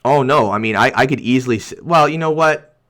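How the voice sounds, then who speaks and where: A young man reads his viewers' comments during a livestream, ranting heatedly and rambling with plenty of restarts. His medium-pitched voice is brisk and somewhat bright.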